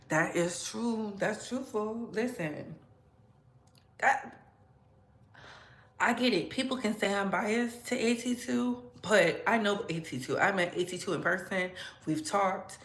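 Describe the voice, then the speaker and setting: A woman hosting a casual livestream, talking with sass and frequent laughter. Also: reverberant. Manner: sassy, laughs often, animated swings in pitch. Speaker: commentary channel host.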